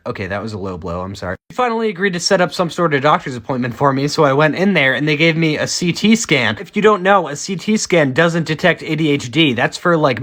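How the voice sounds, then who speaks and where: A man in his twenties giving a casual, self-deprecating comedic monologue as a TikTok creator, rambling with quick asides. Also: on the high side, a bit bright. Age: 20s.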